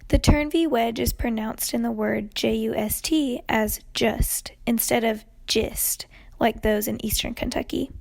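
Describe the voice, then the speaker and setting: A woman's voice: fairly high pitch, fairly even intonation, moderate pace, creaky, few pauses, a little mellow. A young woman from Tampa, Florida, reading a prepared class presentation aloud with a light, wry touch. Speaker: student presenter.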